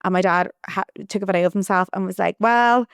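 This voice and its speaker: Smooth-voiced woman chatting. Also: fairly low pitch, little pitch movement, fast, no room sound, studio quality. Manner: chatty, rambling, with frequent restarts and "like". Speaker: podcast host. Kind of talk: casual storytelling monologue.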